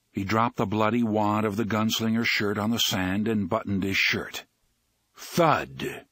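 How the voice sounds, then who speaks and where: A man reading a novel aloud as an audiobook narrator, in an expressive, dramatic way. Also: fairly low pitch, breathy edge, no room sound.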